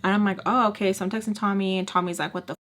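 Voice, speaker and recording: A young woman chatting through a storytime vlog while doing her makeup, acting out the people in her story with sudden high-pitched bursts. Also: racing. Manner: chatty, animated, acts out quoted people with big pitch jumps. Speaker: storytime vlogger.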